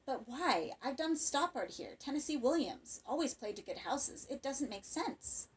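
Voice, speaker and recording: A woman's voice: high-pitched, sing-song, a little slow, recorded from a distance, voice pushed up. Woman voicing a blunt young male director. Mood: puzzled.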